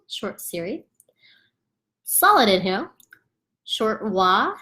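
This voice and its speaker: A woman's voice: on the high side, sing-song, slow pace, pauses often, pushed and bright. Woman, yoga instructor, casual chatty teaching, demonstrates chant sounds, laughs often, at home.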